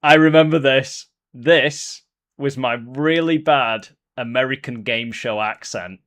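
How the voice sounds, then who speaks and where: A man's voice: mid-range voice, slow pace, a bit bright. A man co-hosting a casual chat who mocks himself. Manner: self-mocking, laughing at himself. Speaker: co-host.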